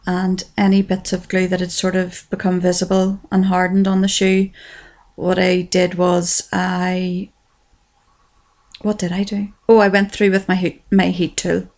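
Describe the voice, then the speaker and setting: A woman's voice: lowish voice, monotone, a little slow, darkish tone. An Irish woman giving a chatty, self-deprecating voice-over for a crafts tutorial, often saying "wee". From Ireland.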